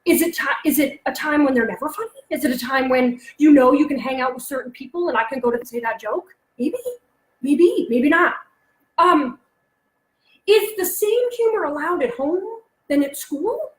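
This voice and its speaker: A woman in her thirties presenting alone to parents, chatty and animated, acting out her son's jokes as she goes. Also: high voice, moderate pace, reverberant, poor audio. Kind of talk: solo online talk to parents. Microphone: close mic, alone presenting online.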